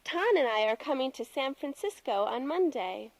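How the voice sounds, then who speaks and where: Woman voicing a polite caller, high voice, dry sound, textbook dialogue. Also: expressive, moderate pace, no room sound, poor audio. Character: friendly woman phoning a friend abroad.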